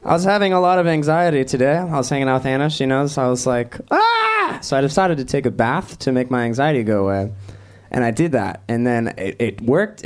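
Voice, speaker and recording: A man hosting a casual live talk show, rambling and self-deprecating with lots of fillers. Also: mid-range voice. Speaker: host. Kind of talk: casual chat.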